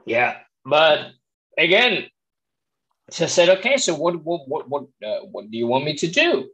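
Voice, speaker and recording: Excitable guy in an interview, voice jumps all over, restarts a lot. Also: unhurried, low-quality recording. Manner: animated, acts out quotes with big pitch jumps; frequent restarts and fillers, excitable. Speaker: tenor and vocal coach, interview guest. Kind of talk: casual storytelling interview.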